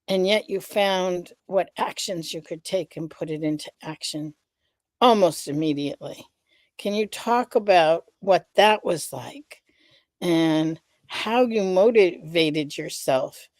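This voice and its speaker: A woman's voice: lowish voice, slow, darkish tone, no room sound. A woman hosting a candid conversation, thoughtful and a little hesitant. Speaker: host.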